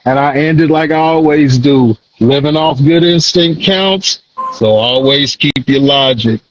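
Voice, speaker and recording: A man's voice: a little high, unhurried, dull audio, slight background noise. A man hosting a casual talk show podcast, full of slang and affectionate praise for his guest. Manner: hype, affectionate, loose slang. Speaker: podcast host.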